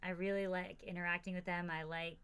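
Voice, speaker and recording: A woman's voice: fairly low pitch, flat delivery, fairly quick, fairly bright tone, clear, resonant tone. A woman in her forties, a teacher, chatting casually on a podcast in a hesitant way with many fillers.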